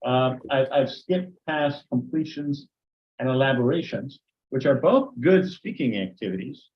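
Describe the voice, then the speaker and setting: Older male teacher trainer, mid-pitched, chatty lecture delivery, muffled lo-fi recording. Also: lively intonation, measured pace. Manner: conversational, acts out sample dialogues. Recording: dull lo-fi recording.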